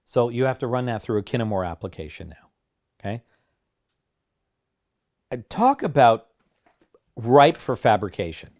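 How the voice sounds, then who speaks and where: A man's voice: medium pitch, sing-song, normal speed, pauses often, a little mellow. A middle-aged man co-hosting a podcast, talking about a court ruling in a teasing, sarcastic and pushy way. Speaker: podcast co-host, lawyer. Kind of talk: casual legal debate.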